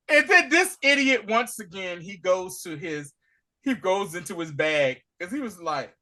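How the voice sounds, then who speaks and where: A man co-hosting a casual TV recap podcast, animated and acting out lines from the scenes. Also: high voice, slow pace. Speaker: podcast co-host.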